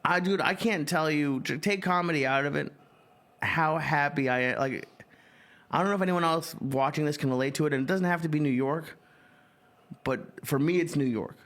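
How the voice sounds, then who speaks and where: A man's voice: on the high side, normal speed, a bit bright. A man in his thirties, a comedian co-host, talking earnestly and rambling in casual chat with lots of "like". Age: 30s. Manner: earnest, rambling, heavy on filler "like".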